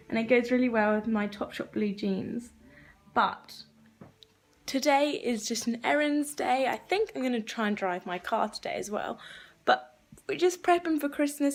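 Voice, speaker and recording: A young woman from England, chatting casually to camera in a vlog and saying "like" a lot. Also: a little high. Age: young adult. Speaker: vlogger. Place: car interior.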